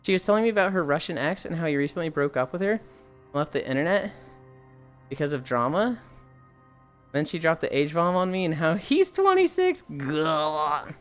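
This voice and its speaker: Blunt, swearing streamer with smooth voice. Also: mid-range voice, big pitch swings, normal speed, faint music behind. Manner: blunt, swears freely, frequent sighs. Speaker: livestreamer. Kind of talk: casual chat, reading viewer messages aloud.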